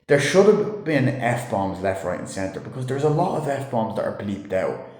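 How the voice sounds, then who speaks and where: A man's voice: medium pitch, very animated, fairly quick, a little mellow. A man giving a casual, rambling movie review, swearing freely and filling gaps with "like" and "you know". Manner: loose and rambling, swears a lot, many fillers. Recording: roomy echo.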